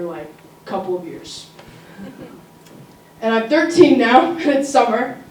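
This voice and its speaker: A teenage girl spins a comic personal story at a school story slam, her voice a little high. She talks casually and throws asides to the listeners. The sound is roomy and picked up from a distance, with a faint hiss underneath. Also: darkish tone. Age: teens. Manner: comic, conversational, asides to the audience. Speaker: student storyteller. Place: school auditorium.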